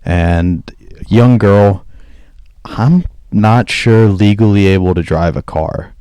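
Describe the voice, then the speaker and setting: Low-voiced man telling a rambling story. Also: takes it slowly, mellow, clean tone, no echo. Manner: rambling storyteller who acts out quoted dialogue. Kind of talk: casual podcast chat.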